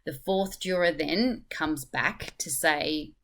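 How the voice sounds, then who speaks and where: A woman teacher walks through a text in a low voice. She speaks thoughtfully and explains each point, often pausing with "um" to gather her next one. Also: fairly bright tone, a little hiss or hum. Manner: thoughtful, explanatory, hesitant fillers. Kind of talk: spoken literature lesson.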